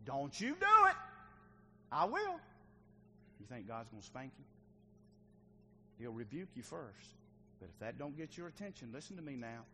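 A middle-aged male pastor preaching a sermon, swinging between loud and hushed delivery. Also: medium pitch, slight background noise. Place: church sanctuary.

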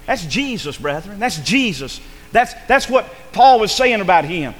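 A man preaching a sermon, swinging between loud calls and hushed asides. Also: high-pitched, big pitch swings, unhurried, big-room sound. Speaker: pastor. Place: church sanctuary.

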